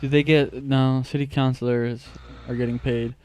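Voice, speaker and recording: A man's voice: mid-range voice, little pitch movement, moderate pace, darkish tone, a little hiss or hum. A man chatting casually on a podcast in a laid-back, drawling way. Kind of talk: casual chat.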